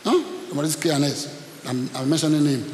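A middle-aged man preaches in a slightly high voice, pulling responses from the congregation between stories. His voice rings in a large, reverberant church hall, with a faint hiss underneath. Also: fairly even intonation, fast, darkish tone. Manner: call-and-response preaching, storytelling. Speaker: pastor. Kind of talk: sermon.

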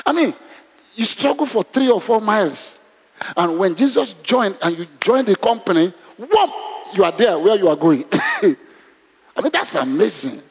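A man preaching a sermon, animated and exclamatory, leading the congregation in prayer. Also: high voice, husky. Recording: long reverb in a hall.

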